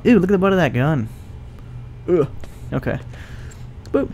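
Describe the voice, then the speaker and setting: A young man commentating his own gameplay, excitable, joking and swearing as he plays. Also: on the high side, fairly quick, long pauses, a little hiss or hum. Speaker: let's play gamer. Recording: game music behind the voice. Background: game music.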